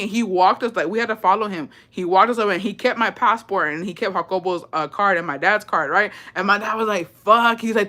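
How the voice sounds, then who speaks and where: A woman telling a casual storytime, profane and animated, mixing in Spanish phrases and laughing often. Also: mid-range voice, fairly quick, few pauses. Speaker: vlogger.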